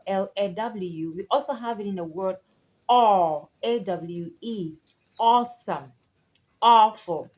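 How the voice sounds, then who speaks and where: A woman of medium pitch gives an unhurried English pronunciation lesson. She spells each example word out letter by letter and says it again with its long vowels drawn out for emphasis. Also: a little mellow. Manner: spells words letter by letter and repeats them; stretches target vowels for emphasis. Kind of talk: slow, deliberate pronunciation lesson.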